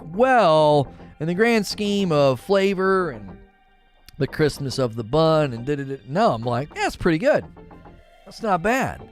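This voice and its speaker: A man hosting a livestream, chatting casually and animatedly to his viewers. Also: a little high. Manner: animated, talks straight to chat viewers. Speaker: livestream host.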